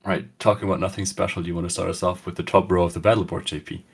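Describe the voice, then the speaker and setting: A young man from Germany with a German accent, co-hosting a casual podcast about a tabletop wargame, relaxed and quick to laugh. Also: low-pitched, gravelly, husky. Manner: relaxed, laughs easily, slips into German words. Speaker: podcast co-host.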